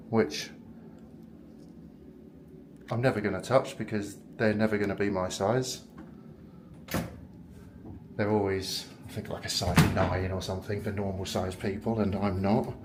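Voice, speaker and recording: British man, chatty vlogger, self-deprecating, rambling, roomy hotel echo, faint background hum. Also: fairly low pitch. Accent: British English. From United Kingdom. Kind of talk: casual vlog tour. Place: hotel room, indoors.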